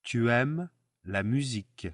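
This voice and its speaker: Male language teacher, unhurried drill delivery, mid-pitched, dry booth-like sound. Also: lively intonation, dry recording. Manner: patient, spells out pronunciation and repeats phrases slowly. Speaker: French teacher. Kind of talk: language lesson with repeat-after-me drills.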